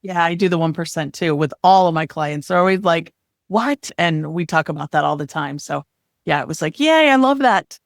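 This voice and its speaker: A woman's voice: low-pitched, fairly even intonation, a little fast, gravelly, dry recording, studio quality. A woman hosting a podcast, talking in an upbeat, affirming way. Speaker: podcast host. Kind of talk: casual podcast interview.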